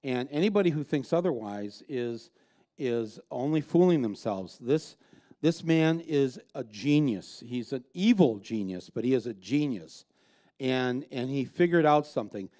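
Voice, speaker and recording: A man's voice: medium pitch, warm tone. A man speaking as a filmmaker guest in an onstage conversation before an audience, blunt and emphatic, with frequent restarts. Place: live event with an audience.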